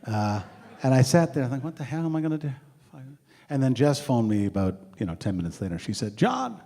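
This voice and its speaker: A man telling lively anecdotes, acting out the voices of the people in them and laughing as he goes. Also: mid-range voice, fast talker, big-room sound. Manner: animated, acts out quotes, laughs often. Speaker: storyteller sharing memories. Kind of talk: anecdotal storytelling.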